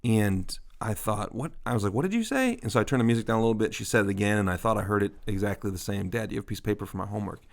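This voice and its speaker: A man's voice: fairly low pitch, level tone, racing, vocal fry, few pauses. A man in his thirties co-hosting a ministry podcast, telling a story with a lot of laughter at himself. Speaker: podcast co-host. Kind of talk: casual ministry podcast chat.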